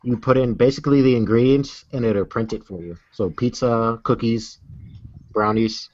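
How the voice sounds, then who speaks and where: A man's voice: mid-range voice, moderate pace, darkish tone. A man co-hosting a casual chat, rambling and hesitant as he talks through news. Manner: rambling, hesitant, lots of ums. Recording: dull lo-fi audio.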